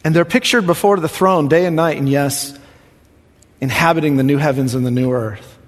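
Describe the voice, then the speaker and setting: Male pastor, emphatic sermon delivery, soft-to-loud swings, slightly high voice, reverberant sanctuary. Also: normal speed.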